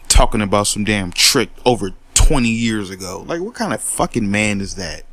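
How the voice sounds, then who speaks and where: A man's voice: lowish voice, expressive, moderate pace, fairly bright tone. Fired-up man ranting, voice leaping around. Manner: confrontational, profane, repeats words when worked up. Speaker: commentary host. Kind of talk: heated monologue rant.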